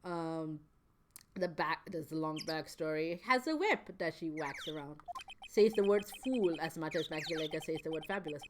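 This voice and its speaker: Giggly, animated woman streamer. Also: deep voice, moderate pace, slight background noise. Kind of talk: gameplay stream commentary.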